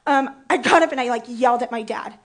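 High-voiced woman preaching candidly. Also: fast. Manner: candid, playful, emotional storytelling. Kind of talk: sermon with personal story.

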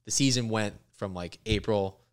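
A young man, a comedian, casually telling a long travel story with lots of profanity and animated delivery. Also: on the low side, moderate pace, clear, resonant tone. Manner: animated, profane, laughs through punchlines. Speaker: comedian guest.

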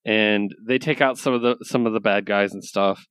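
A man's voice: on the low side, fairly even intonation, normal speed, fairly bright tone, clean tone, dry recording. A man co-hosting a comics podcast in casual chat, loose and rambling, enthusiastic and swearing casually. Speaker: podcast co-host reviewing comics.

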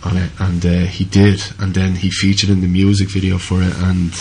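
A male musician guest from Ireland, chatting casually in halting, self-correcting speech with many fillers. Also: deep voice, completely flat delivery, slight background noise. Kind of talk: casual chat, then singing live with guitar. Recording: loud guitar music throughout.

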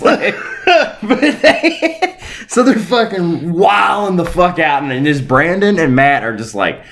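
A man's voice: sits high, very animated, slow pace, pauses often. A middle-aged man co-hosting a podcast, telling a story in casual chat, laughing often and swearing freely. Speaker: podcast co-host.

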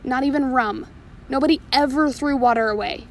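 A woman's voice: sits high, moderate pace, a little hiss or hum, poor audio. A woman reading a pirate storybook aloud, now and then stumbling and correcting herself. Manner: reads with small slips and self-corrections.

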